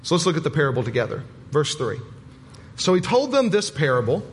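A man's voice: fairly high pitch, big pitch swings, brisk, husky. A man preaching a sermon as pastor, in a folksy, emphatic way with repetition and humor. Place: church sanctuary. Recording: long hall reverb.

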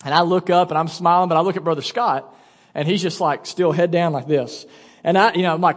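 A man in his thirties preaching a sermon as pastor, telling a story with quick asides and lively energy. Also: fairly high pitch, in a large hall. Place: church auditorium.

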